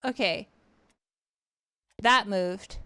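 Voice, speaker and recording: A woman streaming a video game live, reacting with frustration, swearing and shouting in bursts. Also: medium pitch, drawn-out words, no echo, clean studio sound. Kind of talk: live gaming stream commentary.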